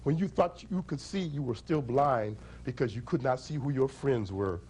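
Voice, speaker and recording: Storyteller voicing tiny timid frogs, kindly and soft-spoken. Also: male voice, mid-range voice, animated, moderate pace, breathy edge. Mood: gentle. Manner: gentle, kindly. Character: small blind frogs, timid but loving.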